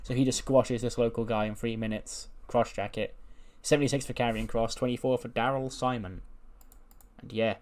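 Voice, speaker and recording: A man hosting a game series, chatty and animated as he tells the story. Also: medium pitch, normal speed. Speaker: game host. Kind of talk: let's play commentary, storytelling.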